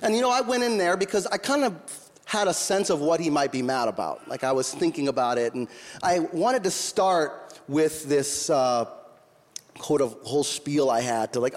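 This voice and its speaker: A man's voice: a little high, moderate pace. A middle-aged man preaching a sermon, telling a story in an earnest voice and often restarting his words. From Minnesota or North Dakota region. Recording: long hall reverb.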